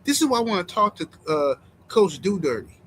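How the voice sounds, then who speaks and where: Man, fairly high voice, blunt and mocking, live-stream boxing reaction, faint noise behind. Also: very animated, brisk, low-quality recording. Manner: blunt, mocking, talks straight to the audience. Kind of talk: casual live-stream commentary.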